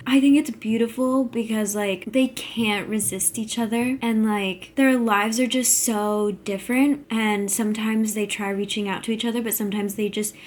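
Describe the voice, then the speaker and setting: A young woman talking casually to camera at home, rambling with lots of "like" and gasping, emotional reactions. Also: mid-range voice. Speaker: vlogger. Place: at home, sitting in a chair.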